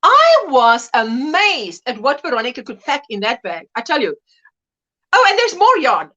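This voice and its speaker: A woman's voice: high voice, wildly swooping pitch, moderate pace, sharp tone, muffled recording. A middle-aged woman hosting a casual livestream chat, reading viewers' comments aloud and laughing often. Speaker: livestream host.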